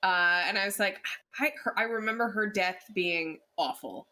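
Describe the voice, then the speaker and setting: A man's voice: sits high, normal speed, pushed and bright. A man co-hosting a casual podcast, often repeating words as he gathers his thoughts. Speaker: podcast co-host. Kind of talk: casual chat.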